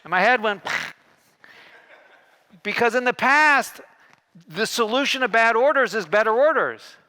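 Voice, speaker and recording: A man giving a keynote talk on a conference stage, telling a story and acting out the dialogue with lively shifts in tone. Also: extremely high pitch, unhurried. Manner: animated, acts out dialogue with shifting tones. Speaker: keynote speaker.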